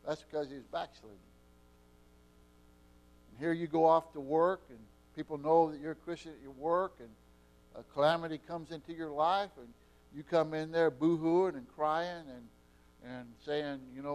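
A man preaching a sermon with impassioned delivery, his loudness swinging between soft and strong. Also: a little high, steady tone, a little slow, pauses often. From Eastern Oregon.

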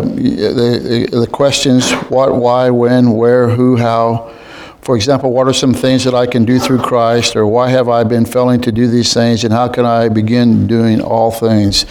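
Halting man leading a Bible study. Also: mid-range voice, darkish tone. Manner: halting, many restarts and throat clearing. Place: group room with others present.

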